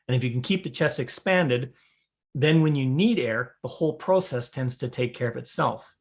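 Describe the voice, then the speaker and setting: A man's voice: medium pitch, gravelly. Man teaching square dance callers, folksy. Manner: folksy, practical, demonstrates breathing as he explains. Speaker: square dance calling instructor. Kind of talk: spoken lesson to a camera.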